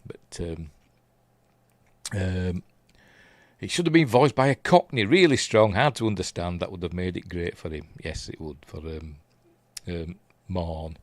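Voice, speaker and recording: Rambling Yorkshire man, low voice. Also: a little slow, pauses often, no room sound. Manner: rambling, chatty, lots of fillers and trailing asides. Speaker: streamer reviewing TV episodes. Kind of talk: casual live-stream chat.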